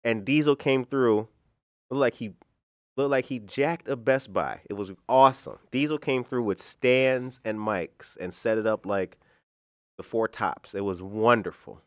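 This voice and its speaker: A man, hosting a daily local news podcast in a friendly, relaxed chat. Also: mid-range voice, unhurried, no room sound, clean studio sound. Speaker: podcast host. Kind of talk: casual chat.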